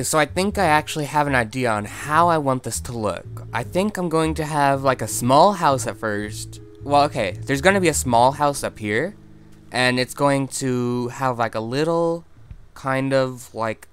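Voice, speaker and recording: Chatty male gameplay host, mid-pitched and easily excited, with soft music under him. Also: moderate pace. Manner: chatty, excitable, squeals high when startled. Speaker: gaming video host. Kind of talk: casual gameplay commentary.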